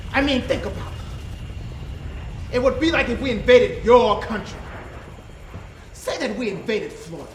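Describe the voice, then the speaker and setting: A man's voice: very high-pitched, pushed and bright, roomy sound, slight background noise, heavily acted, low-quality recording. An actor playing a defiant, educated prisoner of war who argues back and accuses his captor. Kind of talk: indie film drama.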